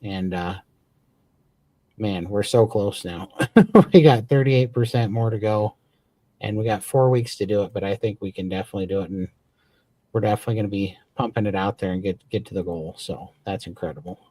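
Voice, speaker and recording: A man's voice: on the low side, brisk, mellow, no room sound. A man co-hosting a casual livestream chat, talking with eager, grateful enthusiasm and rambling restarts. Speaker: podcast co-host.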